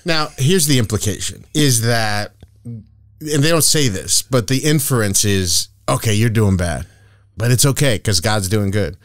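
A man hosting a casual comedy podcast, telling stories in a profane, excitable way with loud bursts. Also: fairly low pitch, measured pace, no echo, clean studio sound. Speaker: podcast host.

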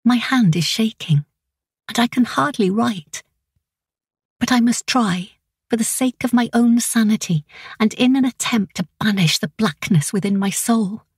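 A woman reading a first-person novel as an audiobook narrator, in an intimate, anxious and measured way. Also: on the high side, husky, no room sound, clean studio sound.

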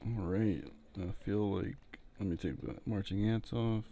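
Low gravelly man teaching painting. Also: unhurried. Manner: relaxed, rambling, jokey asides. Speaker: digital painting tutor. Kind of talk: casual tutorial commentary while painting. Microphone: headset mic, breathing into it.

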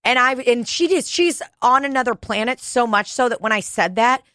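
A woman's voice: on the high side, lively intonation, moderate pace, fairly bright tone, dry recording, studio quality. A woman co-hosting a podcast, telling a story in casual, profane chat. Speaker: podcast co-host. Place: podcast studio.

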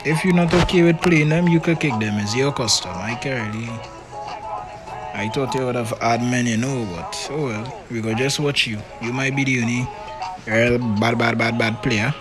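Male game streamer, animated and teasing, with music playing behind him. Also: medium pitch, moderate pace. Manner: animated, teasing, keeps tacking on "boy". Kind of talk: live gaming stream chatter.

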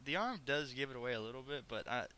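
Male roleplay gamer, rapid-fire and sharp-toned, rambling in-character chat over a headset. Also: medium pitch, expressive, clear, resonant tone. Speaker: roleplay game player.

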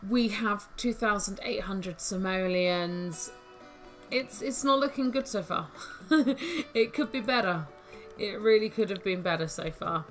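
A woman talks through her game at an unhurried, easy pace, chatty and prone to giggles as she thinks aloud. Her pitch sits in an ordinary middle range. Soft game music plays faintly behind her. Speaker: gaming YouTuber. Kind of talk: casual let's-play commentary.

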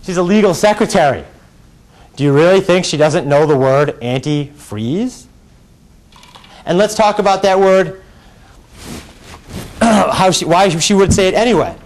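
A middle-aged man, a defense lawyer giving a closing argument in a courtroom, firing rhetorical questions at the jury and swinging between quiet and raised delivery. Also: sits high, unhurried, long pauses.

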